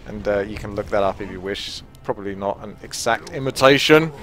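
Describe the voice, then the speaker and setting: Speaking a little fast in a lowish voice, this man runs his own gaming channel. He narrates his live gameplay in a chatty, self-deprecating way.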